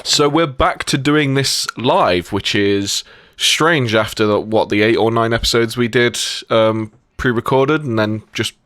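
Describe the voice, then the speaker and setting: A man's voice: mid-range voice, measured pace, fairly bright tone, dry recording. Brief: young British guy, podcast host, rambling and chatty, dry close sound. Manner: laughs often, rambling storyteller. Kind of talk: casual podcast chat.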